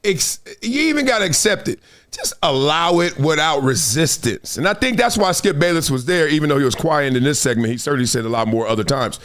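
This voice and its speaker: A man hosts a sports talk show with an emphatic, animated delivery and frequent laughs. His fairly high voice swings widely in pitch as he drives his points home. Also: a little fast. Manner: animated, emphatic, acts out quotes, laughs often. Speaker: sports podcast host. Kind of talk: animated sports commentary chat.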